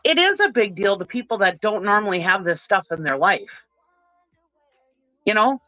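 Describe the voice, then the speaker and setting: A woman's voice: medium pitch, lively intonation, normal speed, bright, forceful tone, no echo, faint music behind. Middle-aged woman, impassioned panel guest, dry and lo-fi. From Minnesota. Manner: impassioned, ranting. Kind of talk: livestream panel chat.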